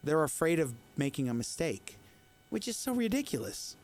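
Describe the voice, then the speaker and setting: A man whose first language is Spanish, streaming and chatting casually with viewers in a rambling, opinionated, animated way. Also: a little high, moderate pace, faint music behind. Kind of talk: casual chat answering viewers.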